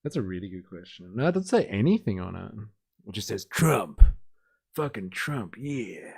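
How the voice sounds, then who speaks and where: A man from Australia with a Western Sydney accent hosts a live stream in a fairly low, creaky, husky, slightly mellow voice that is very animated at normal speed. His casual reaction chat has a sarcastic, teasing edge and frequent swearing, in clean studio sound without room sound.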